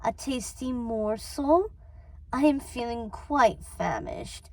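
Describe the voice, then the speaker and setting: A woman's voice: fairly high pitch, expressive, takes it slowly, dry recording, poor audio. A woman voicing a sly, menacing male lion with a lilting, melodic manner in a storybook read-aloud. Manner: lilting, melodic yet threatening, mocking.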